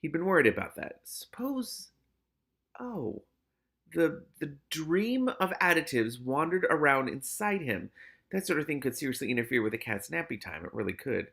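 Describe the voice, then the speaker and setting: A man's voice: on the high side, very animated, normal speed, creaky, sharp tone. A man reading a novel aloud, often breaking off to react and exclaim. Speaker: reader and commentator.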